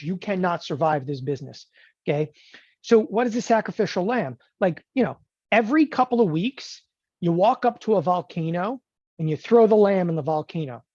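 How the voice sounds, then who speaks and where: A man teaching options trading in an animated lecture, emphatic and joking, often checking in with the listener. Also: high voice, no echo. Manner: emphatic, joking, keeps asking "okay?". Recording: dull lo-fi dry recording.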